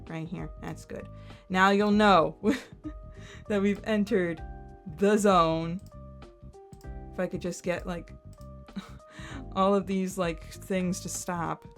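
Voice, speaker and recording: Giggly, rambling young woman streamer. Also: lowish voice. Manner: excitable and rambling, many "like" fillers and giggles. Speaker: streamer reacting to content. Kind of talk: casual chat while screen-sharing.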